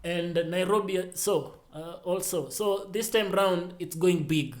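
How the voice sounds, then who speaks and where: Lively man, higher voice. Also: unhurried. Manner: animated, trails off and restarts, teasing. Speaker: podcast co-host. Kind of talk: casual chat.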